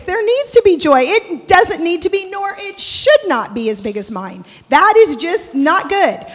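A woman with a high, light voice preaches a sermon in a church. She is expressive, swinging from bright, loud bursts down to hushed prayer. Her words ring out with a long hall reverb. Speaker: church speaker. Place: church sanctuary.

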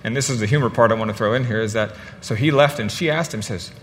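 A man's voice: on the low side, fast, a bit bright, big-room sound, a little hiss or hum. A man giving a sermon in a lighthearted, storytelling way, often repeating words as he finds his place. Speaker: guest preacher.

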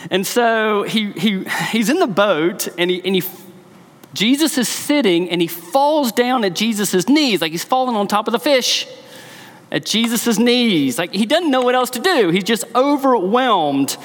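A man's voice: high-pitched, big-room sound. A man, a pastor, preaching a sermon in a church, telling the story with emphasis.

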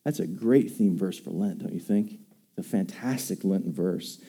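A man preaching a sermon in a very dark, mellow voice. He talks with emphasis and keeps putting questions to his congregation. His tone is conversational. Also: sits low, normal speed, breathy edge. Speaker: pastor.

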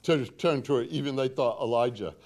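This pastor has a medium-pitched, slightly mellow voice and keeps a moderate pace. His sermon is dramatic, with scripture quoted in rising emphasis and phrases repeated. Rhetorical questions are aimed at the congregation.

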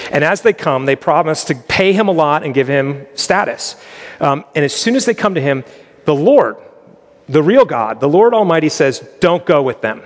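A man's voice: on the high side, big-room sound. Man preaching with a conversational, joking delivery. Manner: conversational storytelling with humorous asides. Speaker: pastor. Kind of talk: sermon.

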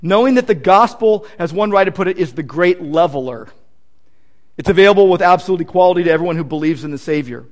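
A man's voice: high-pitched, lively intonation, quick pace. A male pastor preaching a sermon in an earnest, emphatic way, leaning on repeated points.

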